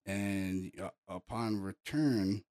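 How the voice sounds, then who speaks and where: A man casually recounting a paranormal investigation, animated and full of "you know" and "boom". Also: takes it slowly. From Pennsylvania, US. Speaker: paranormal investigator telling a case story. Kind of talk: casual storytelling.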